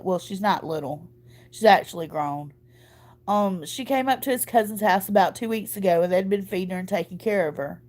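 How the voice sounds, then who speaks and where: A woman's voice: medium pitch, a little mellow. A woman in her thirties talks to her viewers in a loose, folksy ramble. Her voice sounds thick and choked up from earlier crying, and she drifts easily from one story to the next. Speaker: vlogger. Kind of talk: casual chat to viewers.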